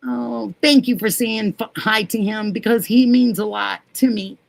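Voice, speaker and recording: Slow, gravelly-voiced woman livestream host. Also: fairly high pitch, fairly even intonation, dry recording. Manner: chatty, affectionate, talks to viewers by name. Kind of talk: casual livestream chat reading comments.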